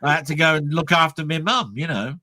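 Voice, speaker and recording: A man's voice: a little high, a little fast, bright, forceful tone, no room sound, clean studio sound. A man from the south of England hosting a live stream, joking and rambling in casual chat. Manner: joking, rambling, prone to mock rants.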